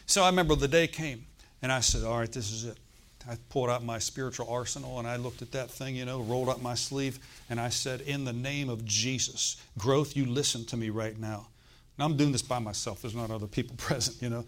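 A middle-aged man preaching with the rhythm of a storyteller, his pitch sitting in an ordinary middle range. He swings from quiet, confiding asides to sudden loud declarations, and breaks into acted-out bursts of laughter to drive his point home. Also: steady tone, fast, slight background noise. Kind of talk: sermon.

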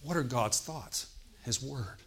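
Preaching at a slow pace, this man has a mid-range, fairly bright voice, with a faint hiss or hum on the recording. His sermon is a conversational personal testimony, and he keeps asking the congregation "Okay?"

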